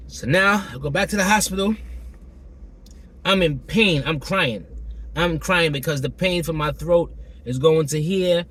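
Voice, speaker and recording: A man with a hoarse, still-recovering throat tells a personal story to camera in a loose, slangy way, repeating himself and acting out the exchanges. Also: a little high, unhurried, pauses often, fairly bright tone. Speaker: vlogger telling a personal story.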